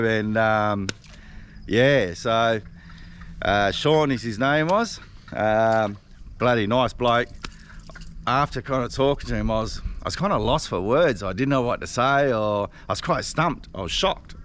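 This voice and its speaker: A man's voice: medium pitch, lively intonation, a little slow, fairly bright tone, a little hiss or hum. An Australian man vlogging from his fishing boat, telling a rambling, self-deprecating story with frequent laughs. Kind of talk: casual storytelling to camera. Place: outdoors on a river boat.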